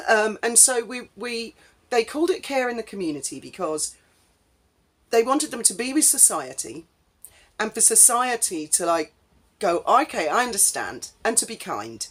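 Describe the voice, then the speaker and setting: A woman's voice: on the high side, big pitch swings, normal speed, a bit bright, slightly rough. A woman, telling a casual story in a chatty, rambling way full of ums. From England. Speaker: vlogger.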